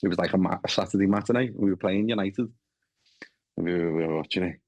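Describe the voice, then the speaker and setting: Scouse actor, thirties, low voice, loose chatty talk, dry close recording. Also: male voice, fast, a little mellow, no echo. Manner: chatty, swears freely, frequent restarts. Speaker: actor guest. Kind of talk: casual chat.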